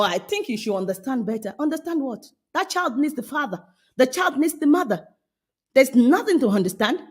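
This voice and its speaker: A woman's voice: sits high, breathy edge. A middle-aged woman coaching parents in an emphatic talk, scolding and then coaxing, often repeating phrases.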